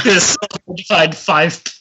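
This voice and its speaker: A man co-hosting a casual film podcast, telling jokey, animated stories about a movie. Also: sits high, normal speed, background noise. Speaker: podcast co-host. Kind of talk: casual film review chat.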